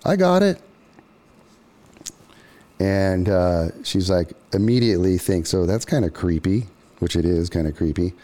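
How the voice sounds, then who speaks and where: A man's voice: deep voice, dark tone. A man hosting a podcast, casually retelling a story from a book with many ums and restarts. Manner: loose, lots of ums and restarts. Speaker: podcast host.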